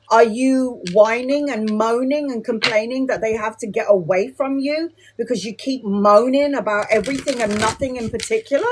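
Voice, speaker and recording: Woman, tarot reader, live stream reading, blunt, chatty, a bit high-pitched. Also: a little hiss or hum. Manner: blunt, chatty, swears casually.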